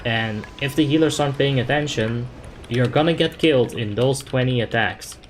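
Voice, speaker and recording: Young male streamer, laid-back, mid-pitched, with faint keyboard typing behind. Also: moderate pace, slight background noise. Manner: laid-back, filler-heavy, explains tactics. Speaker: game streamer. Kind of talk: casual gaming commentary, reading chat.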